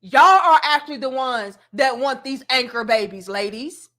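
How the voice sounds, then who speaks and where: A blunt, sassy woman rants to her viewers in a high, bright voice. She lectures in slang with plenty of attitude, and her tone stays sharp and forceful throughout. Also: normal speed. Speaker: commentary vlogger. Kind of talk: opinionated commentary rant.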